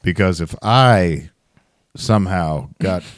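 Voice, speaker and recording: A young man with a very low voice ribbing his co-hosts on a comedy podcast. His delivery is dry and teasing, recorded close with no room sound. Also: takes it slowly, no echo. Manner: dry, teasing, leading questions. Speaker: podcast co-host. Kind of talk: casual comedic chat.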